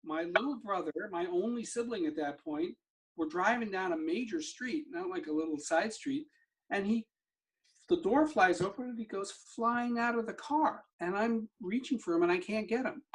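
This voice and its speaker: High-voiced and speaking at a normal speed, a middle-aged man shares a personal story in conversation. He is a somatic therapy practitioner on as a guest, and he brings the tale to life by acting out the exchanges he recalls.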